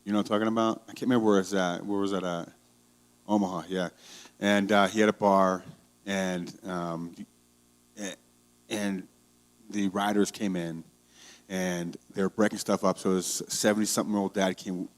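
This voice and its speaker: A man's voice: low voice, fairly even intonation, normal speed. A male pastor preaching a conversational sermon, telling stories and growing heated. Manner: conversational storytelling, grows heated.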